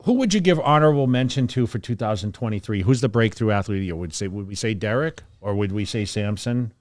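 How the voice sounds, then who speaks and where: A man hosting a podcast, asking rambling, relaxed questions in casual chat. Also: lowish voice, fast talker, dry recording, clean studio sound. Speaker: podcast host, former bodybuilder.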